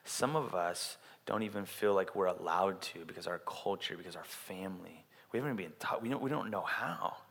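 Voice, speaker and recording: A man preaching a sermon in a casual, animated way, acting out quotes as he tells stories. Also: low voice, normal speed, vocal fry, few pauses. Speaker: pastor. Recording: long hall reverb.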